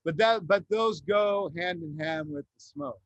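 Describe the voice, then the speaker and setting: A man's voice: sits high, unhurried, a crowd in the background, poor audio. Profane, easygoing male rock musician. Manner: loose, profane storytelling. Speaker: guest musician. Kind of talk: casual chat.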